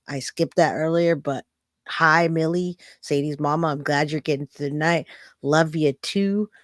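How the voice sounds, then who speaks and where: Blunt, animated woman hosting a livestream. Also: deep voice, no room sound, clean studio sound. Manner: animated, blunt, disgusted outbursts. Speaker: livestream host. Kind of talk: casual livestream chat.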